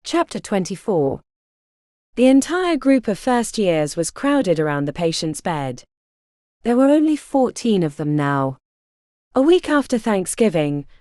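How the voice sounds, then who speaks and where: A woman's voice: lowish voice, dark tone, dry recording, clean studio sound. A woman reading a fantasy novel aloud as an audiobook narrator, shifting her voice a little for each character.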